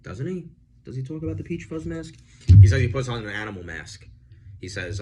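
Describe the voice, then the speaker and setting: A man chatting casually as he reviews a film, animated and full of fillers. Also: medium pitch, a little fast, slight background noise.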